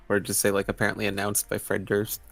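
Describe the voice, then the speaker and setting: A young man co-hosting a live stream, chatting casually and rambling with restarts and chuckles. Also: on the low side. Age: young adult. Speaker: stream co-host. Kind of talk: casual chat while writing.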